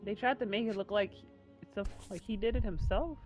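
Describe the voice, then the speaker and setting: Streamer voice, joking, chatty, running let's play commentary, soft game music. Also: medium pitch, a little fast, muffled recording.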